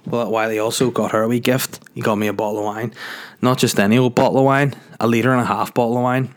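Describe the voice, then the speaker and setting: A man's voice: mid-range voice, fairly even intonation, fast. A man with a Northern Irish accent who hosts a podcast and talks in a rambling, jokey way, full of filler words. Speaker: podcast host. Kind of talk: casual podcast monologue.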